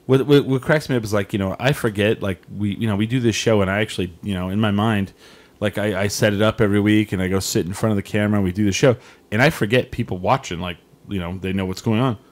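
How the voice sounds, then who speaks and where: A man's voice: on the low side, fast talker. A man hosting a casual talk show, swearing freely and acting out the people he quotes. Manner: profane, acts out quoted voices. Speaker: host. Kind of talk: casual chat.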